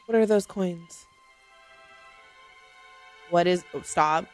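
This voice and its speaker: A woman streaming a live reaction, excitable and quick to exclaim and laugh. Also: lowish voice, faint music behind.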